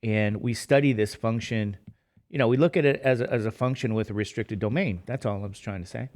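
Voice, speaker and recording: A man's voice: on the low side, brisk, darkish tone. A middle-aged man teaching math in a casual lecture, tired and rambling, with chatty self-deprecating asides. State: tired, sleepy.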